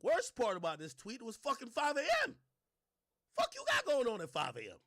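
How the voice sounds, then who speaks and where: Brief: young male streamer, bright edgy tone, mocking rant with lots of swearing. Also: fairly quick. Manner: animated, mocking, swears freely, swings from low mutters to loud outbursts. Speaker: commentary streamer. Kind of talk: casual ranting commentary.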